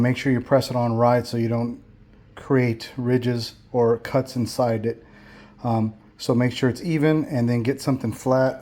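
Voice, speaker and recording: This mellow, mid-range male voice belongs to a channel host giving a casual walkthrough and review of a bumper install. He rambles along, saying "um" a lot and restarting his sentences.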